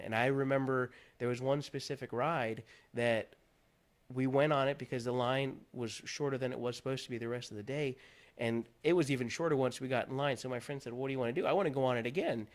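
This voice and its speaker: Guy from pennsylvania, talk show guest, earnest and open, mid-pitch voice. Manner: earnest, candid, animated when recounting. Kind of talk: conversational interview, personal story.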